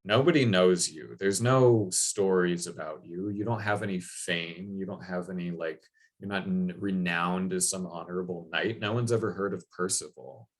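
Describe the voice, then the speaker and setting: A man's voice: sits low, normal speed. A man voicing dismissive knights of a royal court who scold curtly.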